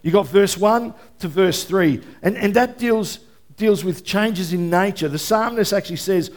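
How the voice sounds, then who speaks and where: High-voiced man preaching conversationally. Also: unhurried. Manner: conversational preaching, checks in with listeners. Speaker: pastor. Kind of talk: sermon.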